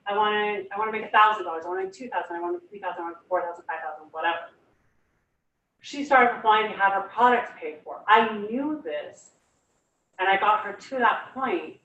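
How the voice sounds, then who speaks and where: An enthusiastic young woman speaks to a small room, chatty and full of fillers. Her voice sits at a middle pitch. It sounds roomy and picked up from some distance. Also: a bit bright, dull audio. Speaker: guest speaker. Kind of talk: casual motivational talk. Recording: echoey room, far from the mic.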